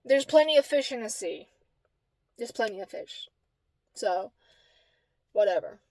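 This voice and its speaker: High-voiced woman ranting bluntly. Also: expressive, a little slow, a little mellow. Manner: blunt, profane, exasperated ranting. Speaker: vlogger. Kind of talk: casual storytelling vlog.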